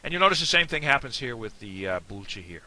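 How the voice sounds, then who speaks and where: A man's voice: mid-range voice, very animated, fast, pushed and bright. A man with an American accent giving a casual, digressive video lesson. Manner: chatty, digressive. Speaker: Irish language teacher.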